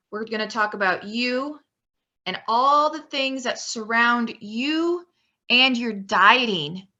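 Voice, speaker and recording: A woman's voice: sits high, pushed and bright, highs cut off. A woman coaching weight loss, talking through slides in an emphatic, repetitive, motivational way. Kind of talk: slide presentation lesson.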